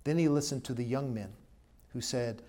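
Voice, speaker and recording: A male pastor preaching to his congregation, his mid-pitched voice steady and ordinary. He swings between emphatic, louder stresses and quiet, earnest drops. Now and then he puts a question to the people in the pews. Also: normal speed. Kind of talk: sermon and closing prayer.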